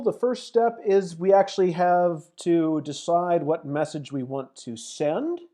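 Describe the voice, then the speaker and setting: Woman lecturer, slow and deliberate, mellow voice, reads out numbers step by step. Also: on the low side. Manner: methodical, thinks aloud while typing and reading out numbers. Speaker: mathematics lecturer. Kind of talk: screen-recorded lecture walkthrough.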